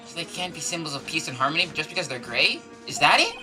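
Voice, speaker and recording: Woman as a peppy young sidekick girl, high and lively, game music underneath. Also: fast. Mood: excited.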